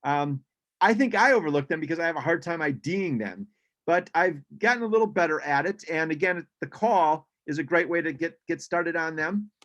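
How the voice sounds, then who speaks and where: A man presents a slideshow on birds over a video call, in an easy, conversational way. His voice sits a touch high, and he often pauses with ums and starts sentences over. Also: lively intonation, a bit bright. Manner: chatty, frequent ums and restarts. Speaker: birding presenter.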